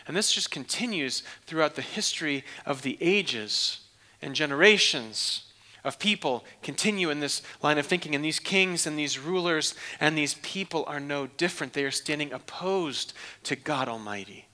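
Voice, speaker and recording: A man preaching a sermon as pastor, animated, swinging from loud emphatic questions down to a hushed near-whisper and repeating phrases for emphasis. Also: a little high, moderate pace.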